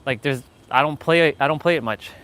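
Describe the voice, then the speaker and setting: A man's voice: fairly high pitch, brisk, a bit bright. A man chatting casually on his live stream, hyped and boastful, repeating his phrases. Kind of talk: casual livestream chat.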